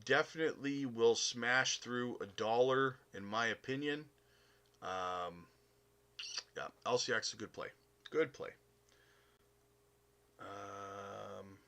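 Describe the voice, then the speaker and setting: A Canadian man with a bright, medium-pitched voice hosts a crypto live stream, reading comments aloud in a casual chat. He's upbeat and chummy, calls viewers "buddy," and uses lots of "uh" fillers.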